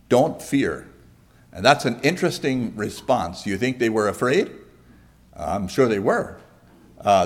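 A man preaching a sermon in a conversational way, pausing often and asking the congregation questions. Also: lowish voice. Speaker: pastor.

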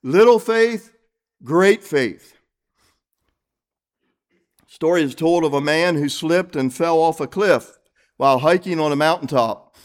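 A man's voice: fairly high pitch, animated, takes it slowly, pauses often. A man preaching an evening sermon, reading scripture and asking the congregation earnest questions. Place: church, evening service.

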